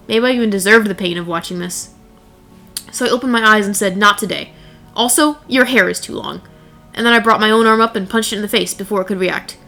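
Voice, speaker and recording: A young woman recounts her own horror story in a dry, straightforward way, tossing in offhand swear words. She speaks at a medium, middle-register pitch over quiet background music.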